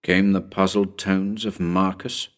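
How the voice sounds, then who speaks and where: Deep-voiced man narrating suspensefully. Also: flat delivery, a little slow. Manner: dramatic, suspenseful storytelling. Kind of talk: scripted audiobook narration.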